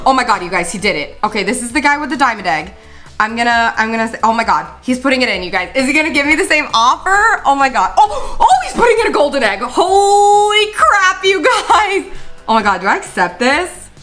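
A woman hosting a gaming channel, commenting excitedly over gameplay with frequent gasps and exclamations to her viewers. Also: high-pitched.

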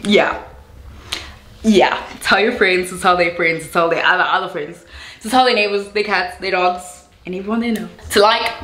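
Animated young South African woman, echoey room. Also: mid-range voice, normal speed. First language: Zulu. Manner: animated storytelling, mixing in Zulu phrases. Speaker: YouTuber. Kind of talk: storytime vlog.

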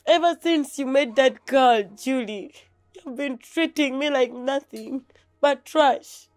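A woman's voice: high voice, slow. An actress playing a wronged, grieving wife and mother in a short film, pleading and tender. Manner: pleading, tearful, soft and tender with child. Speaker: actor. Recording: faint music behind.

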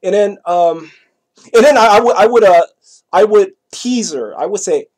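A man's voice: sits high, fairly quick, husky. A man telling a personal story in a casual monologue, rambling and repeating himself, with many "you know" asides. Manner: swings between loud bursts and quiet asides.

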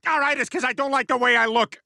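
A man's voice: extremely high pitch, fairly even intonation, quick pace, gravelly, sharp tone, heavily acted. An actor voicing a dim, boastful middle-aged cartoon family man who tells goofy, rambling jokes.

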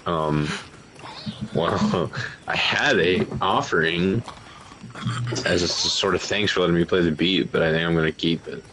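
Deep slow-talking joking man. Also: pushed and bright, a little hiss or hum. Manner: laid-back joking, slipping into silly voices. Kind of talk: casual chat with impressions.

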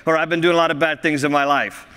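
A man's voice: on the high side, steady tone, fast talker, pushed and bright, clear, resonant tone. A male pastor preaching a sermon, a jovial storyteller who often laughs at his own stories. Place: church sanctuary. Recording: reverberant church hall.

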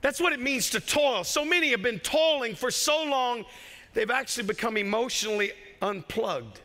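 A man's voice: very high voice, expressive, moderate pace, pushed and bright. A male pastor with a Southern US accent preaching an impassioned sermon, with joking asides and bursts of raised voice. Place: church sanctuary. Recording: long church hall reverb.

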